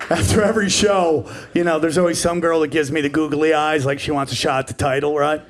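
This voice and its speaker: A man in his forties doing a stand-up comedy set on a club stage, brash and profane, jumping into characters in quick bursts. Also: on the high side, fairly even intonation, a little hiss or hum. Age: 40s. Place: comedy club stage before a live audience.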